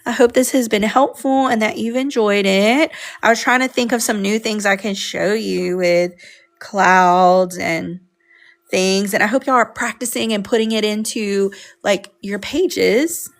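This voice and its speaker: A woman's voice: medium pitch, a little slow. A woman teaching a live coloring class, chatting casually with viewers as she works. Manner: chatty, talks to viewers while working. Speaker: art teacher on a live stream.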